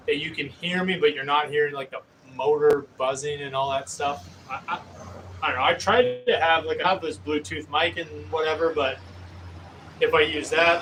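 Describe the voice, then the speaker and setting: A man chats loosely with his live audience while working a pottery wheel, his talk wandering and full of restarts. His voice sits a little high for a man. He is picked up from a few feet off, with faint noise in the background. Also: sharp tone. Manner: rambling and hesitant, many fillers and restarts. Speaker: pottery livestreamer. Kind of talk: casual chat with live chat while throwing pottery. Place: pottery studio with a wheel running. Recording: distant mic with faint room noise.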